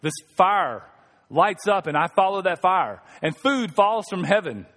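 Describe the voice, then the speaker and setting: A man's voice: high-pitched, expressive, measured pace, a bit bright, long reverb tail. A male pastor preaching a sermon in a conversational, humorous way, calling on the congregation to respond. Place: church sanctuary.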